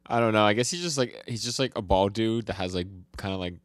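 Brief: low-pitched man, relaxed co-host, trails off and hedges. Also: fast, no echo. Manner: hesitant, lots of fillers. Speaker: podcast co-host. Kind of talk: casual chat.

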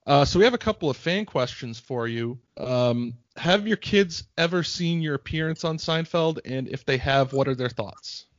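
A man's voice: a little high, normal speed, hardly any pauses, dry recording, highs cut off. A man co-hosting a podcast, asking questions and chipping in with jokes. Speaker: podcast co-host. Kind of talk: casual interview chat.

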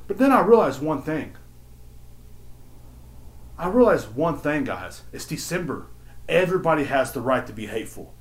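Profane, exasperated man ranting on a podcast. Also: a little high. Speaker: podcast host. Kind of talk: casual storytelling rant.

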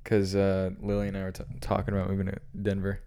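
Laid-back young man, lowish voice. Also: monotone, fast, creaky, dark tone, smooth. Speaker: podcast co-host. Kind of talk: casual chat.

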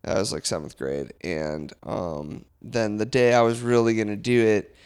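A man co-hosting a podcast, telling a story in a halting, hesitant way with many pauses and fillers. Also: lowish voice, a little mellow, clean tone. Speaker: podcast co-host. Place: apartment.

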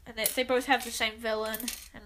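A woman's voice: a little high, flat delivery, a little fast, a bit bright, a little hiss or hum. A woman hosting a casual vlog, chatting in a giggly, rambling, playful way. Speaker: vlog host. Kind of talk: casual chat.

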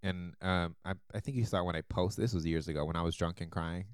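A man co-hosting a podcast, telling a story with animated energy and laughing often. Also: low-pitched, quick pace, smooth, no echo, clean studio sound. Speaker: podcast co-host. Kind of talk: casual chat.

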